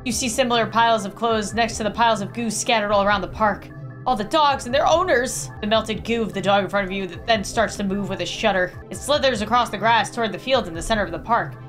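A young adult woman, a gaming YouTuber, reading game text aloud with an animated, dramatic delivery. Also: medium pitch, quick pace, faint music behind.

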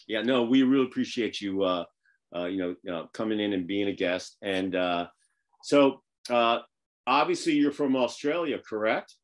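A man's voice: lowish voice, lively intonation, normal speed. A man from the Northeastern United States hosting a casual video call show, rambling in a folksy way with lots of fillers. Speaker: podcast host.

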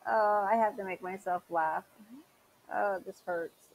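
A woman's voice: mid-range voice, steady tone, measured pace, vocal fry, highs cut off. A woman hosting reaction commentary, talking in a sarcastic, critical and questioning way. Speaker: commentary channel host.

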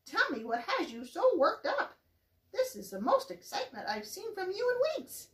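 A woman voicing a steady, cautious father rat who speaks in a calm, admonishing way. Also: very high voice, moderate pace, reverberant, voice pushed up.

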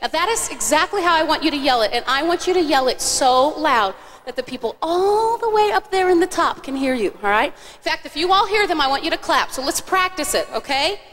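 A high, bright woman's voice guides kids through a song in cheerful live-stage banter. Her stage mic rings out into a big church hall with a long reverb tail, and a faint audience murmur sits underneath. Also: lively intonation, a little fast, slight background noise. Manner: cheerful, coaxing, directing children. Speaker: singer leading a children's song on stage. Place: large church auditorium.

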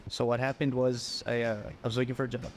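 A man's voice: mid-range voice, fast, slight background noise. Young man from the Philippines, storytelling. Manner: animated, acts out voices in quotes. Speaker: podcast guest. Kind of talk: casual storytelling.

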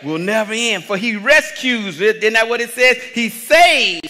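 A male pastor preaching a sermon, rising into shouted, repeated rhetorical questions and calling out to the congregation. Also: high-pitched, expressive, unhurried. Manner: call and response with the congregation. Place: church sanctuary. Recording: long reverb of a church hall.

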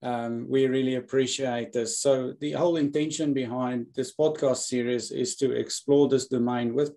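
A South African man co-hosts a podcast, and his voice has a warm, mellow tone. He speaks in a friendly, easygoing way as he thanks the guest and the listeners. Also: mid-range voice. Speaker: podcast co-host. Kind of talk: podcast sign-off.

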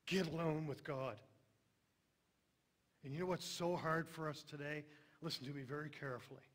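Emphatic preacher, slightly high voice. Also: male voice, steady tone, normal speed. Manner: emphatic, drops to a hushed voice for tender lines. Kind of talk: sermon.

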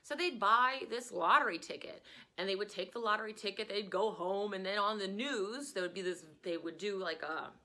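A woman's voice: medium pitch, moderate pace, sharp tone. A woman teacher from Louisiana giving a chatty, digressive lecture in a casual way.

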